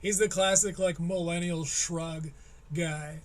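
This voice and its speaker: A man's voice: a little high, steady tone, slow. A man hosting a live stream, giving sarcastic, profane commentary on a clip he is watching. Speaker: host.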